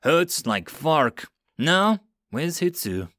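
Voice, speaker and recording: A tough sniper brushing off his wound with gruff, offhand remarks, as a male narrator reads him. His pitch moves in lively swings over a dry, close recording. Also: extremely slow, no echo, heavily acted.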